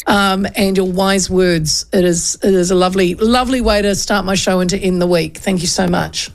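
A New Zealand woman hosts a radio show and tells a chatty, lively story. Her voice has a gravelly, creaky edge, and she slips into the voices of the people she quotes. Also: lowish voice, normal speed. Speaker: radio host. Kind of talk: casual radio chat and storytelling.

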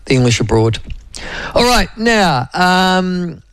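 A man's voice: medium pitch, animated, unhurried, vocal fry, no echo. A New Zealand man hosting a radio show in a casual, rambling style full of fillers and asides to his co-host. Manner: rambling, digressive, lots of fillers; addresses co-host and listeners by name.

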